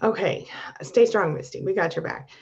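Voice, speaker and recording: A woman coaching abuse survivors on a live stream, reading viewer comments and answering them with warm encouragement. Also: fairly low pitch, sing-song, moderate pace, creaky, muffled recording.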